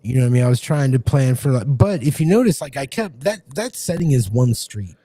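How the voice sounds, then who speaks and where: A man's voice: medium pitch, animated, fairly quick, mellow, slightly rough. A man co-hosting a casual podcast as game master, rambling with many restarts. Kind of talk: casual chat.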